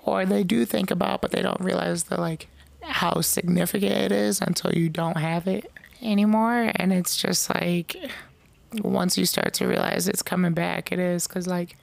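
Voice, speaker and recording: A man's voice: sits high, fairly even intonation, normal speed, vocal fry, dry recording. A man hosting a casual podcast conversation in a laid-back way, laughing often. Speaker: podcast host.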